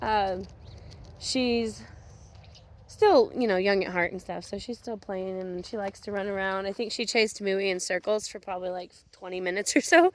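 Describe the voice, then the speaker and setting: A woman's voice: mid-range voice, steady tone, moderate pace. A young woman chatting casually as she films her farm animals, rambling and affectionate. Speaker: farm owner. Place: outdoors on a farm.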